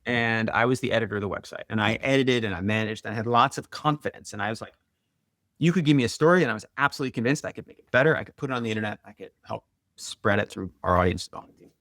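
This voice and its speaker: A middle-aged man, a guest author and marathoner, telling stories in a quick, animated, conversational way, full of "like" and "right?". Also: fairly low pitch, no room sound, clean studio sound. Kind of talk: conversational storytelling.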